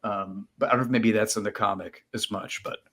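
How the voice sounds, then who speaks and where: A man's voice: lowish voice, a little fast. A man co-hosting a podcast, talking in a rambling, self-interrupting way about a comic and an old film. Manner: rambling, self-interrupting, animated when joking. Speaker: podcast co-host. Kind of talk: casual chat.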